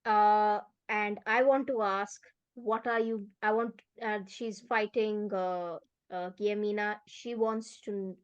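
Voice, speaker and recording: Woman player, unhurried, hesitant, many fillers; muffled recording. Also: medium pitch, fairly even intonation, smooth. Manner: halting, many fillers and restarts. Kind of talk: tabletop game play.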